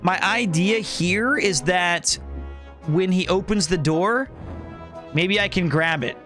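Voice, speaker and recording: Man, high voice, bright tone, casual gaming stream chat, rambling talk to viewers. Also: slow, faint music behind. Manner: chatty, rambling, talks to chat.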